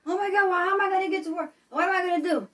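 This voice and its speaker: A woman playing a panicky grown child who stammers and begs her mother for help in the dark. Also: extremely high pitch, rapid-fire, voice pushed up. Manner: frantic, stammering, whiny. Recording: voice a little far from the mic.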